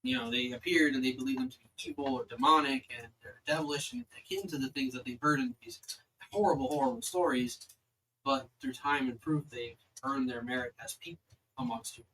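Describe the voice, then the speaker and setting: A man's voice: mid-range voice, a little fast, bright, forceful tone, a little hiss or hum, low-quality recording. A young man narrating as dungeon master, rambling with many fillers. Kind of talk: narrating a tabletop game.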